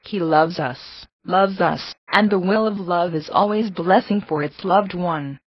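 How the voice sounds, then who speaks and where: A woman reads from a devotional book with a low, husky voice. Her delivery is measured, earnest and reverent. The recording is dry and slightly dull, with a lo-fi quality. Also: no echo. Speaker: reader. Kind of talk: reading a devotional book aloud.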